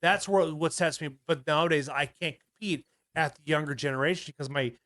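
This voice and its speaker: This podcast co-host, a man in his thirties, swears and wanders through his anecdotes in casual chat, frequently starting over. His slightly high voice is brisk, pushed, and bright, captured at studio quality with no echo.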